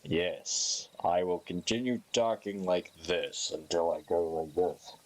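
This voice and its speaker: Deep, slow, deadpan droning voice as a male streamer puts it on.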